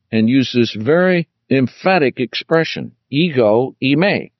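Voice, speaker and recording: A man teaching through the Bible verse by verse, deliberate, stressing key words as he explains them. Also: medium pitch, lively intonation, no room sound, highs cut off.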